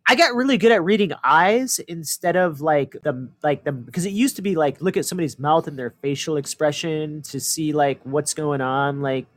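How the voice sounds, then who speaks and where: A man's voice: a little high, a bit bright. A man co-hosting a casual podcast, talking in rambling filler-heavy stretches. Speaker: co-host.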